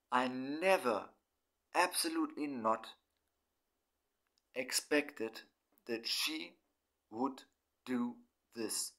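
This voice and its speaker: A middle-aged German man speaking in halting, broken English. He talks through his feelings in a personal monologue and swears often. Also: mid-range voice, fairly bright tone. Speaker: vlogger.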